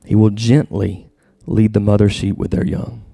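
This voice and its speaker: Reading from scripture during a sermon, this pastor has a steady, creaky tone at normal speed, though he rises high and loud whenever he's stirred. He repeats himself while groping for words, and there's no room sound.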